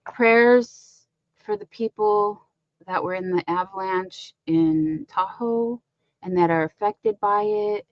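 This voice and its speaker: A woman's voice: mid-range voice, takes it slowly, dry recording, dull audio. A woman co-hosting a crochet livestream, talking in a chatty, rambling way with lots of fillers. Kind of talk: casual livestream chat.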